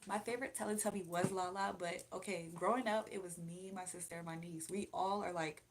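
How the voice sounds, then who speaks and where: A woman's voice: on the low side, steady tone, a little fast, background noise. A young adult woman hosting a casual livestream, reading viewer comments and chatting in a rambling, laughing way. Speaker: livestream host.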